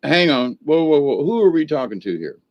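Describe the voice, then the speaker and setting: On a muffled recording, a spiritual teacher gives a casual spoken talk, telling rambling, folksy stories in blunt, coarse language. His voice is a little high, very animated, and a little fast.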